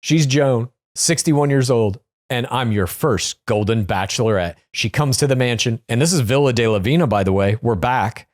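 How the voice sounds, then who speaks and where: A man co-hosting a podcast, recapping a dating show in a casual chat with deadpan, teasing humor. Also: medium pitch, moderate pace, hardly any pauses, no echo, studio quality. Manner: deadpan teasing, mock-spooky asides. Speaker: podcast co-host.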